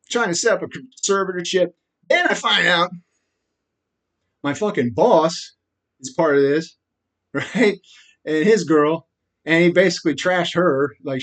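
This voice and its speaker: Guy ranting into his camera, swearing a lot, keeps saying right, kinda high voice. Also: a bit bright. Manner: profane, agitated, rambling; frequent laughs and repeated "right?". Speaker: vlogger. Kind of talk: rambling monologue.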